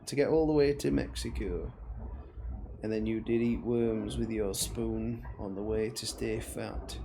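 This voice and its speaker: A man's voice: medium pitch, dark tone, natural voice. A man doing a tormented confessing man. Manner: slow, brooding reading in a put-on accent. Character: tormented man confessing his monstrous deeds. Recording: background noise under the voice.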